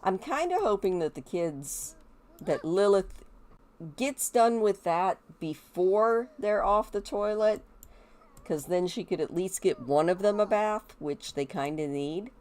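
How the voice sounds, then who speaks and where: A woman's voice: medium pitch, lively intonation, unhurried, darkish tone. A woman, chatting casually as she narrates a life-sim game and talks to the characters. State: stuffy nose. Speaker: gameplay video host. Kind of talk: casual gameplay commentary.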